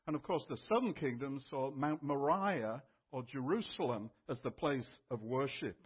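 A man's voice: medium pitch, moderate pace, breathy edge, muffled recording. A male pastor giving a sermon in a conversational teaching manner.

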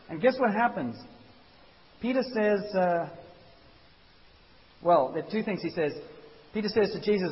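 A man preaching a sermon as a pastor, animated and conversational, acting out quotes. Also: sits high, a little slow, long pauses. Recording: dull hissy recording in a reverberant hall.

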